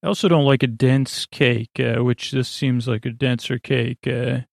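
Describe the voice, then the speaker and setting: A man's voice: medium pitch, fairly even intonation, measured pace, creaky, no room sound, studio quality. A man hosting a sleep podcast, recapping a TV episode in a meandering way with many filler words and self-corrections. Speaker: podcast host.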